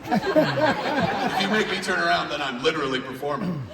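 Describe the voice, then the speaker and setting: A middle-aged man with a little high voice and vocal fry tells a profane, animated comic story at normal speed to a convention audience. He's a Q&A panel guest on a large hall stage. His voice comes from far off, with echo and crowd noise around it.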